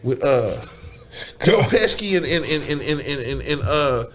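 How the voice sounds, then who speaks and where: Animated high-voiced man telling stories. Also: unhurried, slight background noise. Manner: animated, profane, repeats words, laughs often. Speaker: podcast guest. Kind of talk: casual storytelling.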